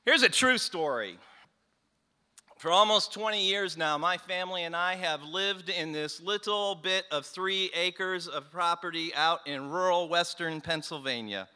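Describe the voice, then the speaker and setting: A man telling a folk tale in a slow, deliberate and expressive way. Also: high voice, smooth. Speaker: storyteller. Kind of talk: oral folk-tale storytelling.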